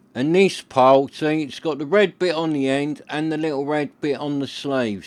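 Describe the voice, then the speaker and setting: A man hosting a camping vlog outdoors in his garden, rambling and poking fun at himself in casual chat. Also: medium pitch. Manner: rambling, self-deprecating, colloquial. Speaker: camping channel host.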